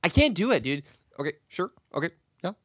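A man's voice: on the high side, a little fast, no room sound, studio quality. A young man co-hosting a podcast, chatting casually, laughing a lot and poking fun at himself. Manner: laughing, excitable, self-mocking. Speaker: podcast co-host. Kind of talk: casual chat.

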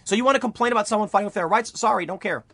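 A young man talking fast and heatedly in an online opinion monologue, firing off rhetorical questions as he argues his case. His voice sits high for a man, and the sound is close and dry, with no room around it. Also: creaky, no echo. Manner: animated, argumentative, rhetorical questions. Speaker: political commentary YouTuber.

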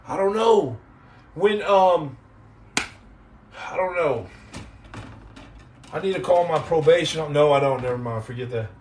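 A man's voice: on the high side, animated, a little slow, long pauses, darkish tone, a little hiss or hum. A man hosting a podcast live stream, casually chatting and joking sarcastically with viewers in the comments. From United States. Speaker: podcast host.

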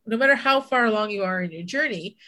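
A woman's voice: medium pitch, expressive, fast talker, pushed and bright. A woman co-hosting a podcast, telling a personal story in casual chat, candid, swearing and acting out her own inner voice. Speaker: podcast co-host.

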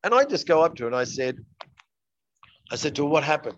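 A man's voice: a little high, sing-song, quick pace, long pauses, muffled recording. A man speaking as an interview guest, earnestly telling stories and acting out the dialogue in them. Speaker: guest, coach. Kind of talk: interview storytelling.

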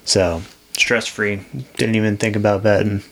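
Low gravelly man, rambling. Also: flat delivery, moderate pace. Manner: rambling storyteller, loose and joking. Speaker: podcast co-host. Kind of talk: casual chat.

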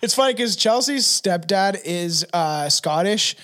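A man's voice: sits high, expressive, unhurried, pushed and bright. A male podcast co-host in casual chat who laughs often, swears freely and tells stories with lots of energy.

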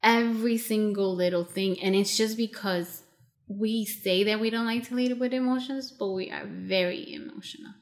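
A woman co-hosting a casual podcast chat, animated and acting out other people's lines, with casual swearing. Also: medium pitch, moderate pace. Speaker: podcast co-host.

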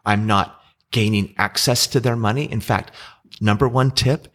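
A man's voice: on the low side, fairly even intonation, moderate pace, fairly bright tone. A middle-aged man co-hosting a casual podcast, patiently explaining investing with frequent restarts.

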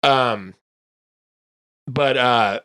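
A man's voice: mid-range voice, drawn-out words, pushed and bright, smooth. A man from the United States chatting casually on a podcast, rambling with lots of fillers and laughs. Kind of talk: casual chat.

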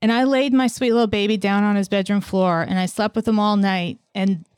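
A woman's voice: medium pitch, brisk, clean tone, no room sound, clean studio sound. A woman in her forties hosting a podcast in casual chat, telling stories animatedly and acting out what people said. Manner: animated storyteller who acts out quotes. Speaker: podcast host.

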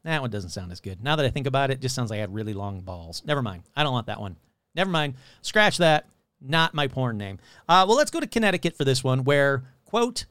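Male comedic podcast host, profane and sarcastic, lively pitch, clean close dry mic. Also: a little fast, clear, resonant tone, dry recording. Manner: profane, sarcastic, rambling, mocks locals in silly voices. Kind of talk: casual comedic podcast monologue.

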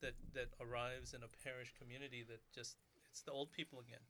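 A man in ministry talking casually, earnest and halting, often restarting his sentences. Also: mid-range voice, level tone, bright, forceful tone, a little hiss or hum. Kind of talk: casual conversation.

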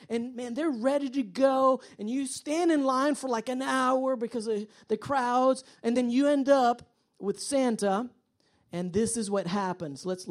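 A woman preaching a sermon. She tells stories with energy and acts out the voices of the people in them. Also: fairly high pitch. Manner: animated storytelling, acts out quoted voices. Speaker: pastor. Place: church.

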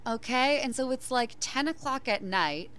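A woman's voice: sits high, moderate pace, clear, resonant tone. A young woman co-hosting a podcast, retelling a movie plot in casual chat and acting out the characters' lines with lots of "like.". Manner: animated storyteller, acts out quotes, lots of "like". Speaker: podcast co-host.

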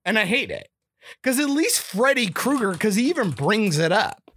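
A man's voice: sits high, sing-song, normal speed, fairly bright tone, husky, no echo. A man co-hosting a casual movie review podcast, swearing a lot and putting on theatrical mock outrage. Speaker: podcast co-host.

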